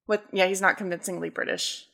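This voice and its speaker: A woman's voice: on the low side, fairly even intonation, fairly quick, creaky, sharp tone. A woman co-hosting a podcast, rambling through stories and thinking aloud in casual chat. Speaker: podcast co-host.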